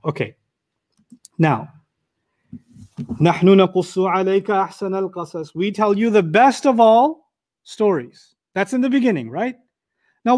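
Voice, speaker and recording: Animated higher-pitched man teaching Quran. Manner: animated, asks rhetorical questions, recites Arabic quickly. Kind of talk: lecture on Quranic verses.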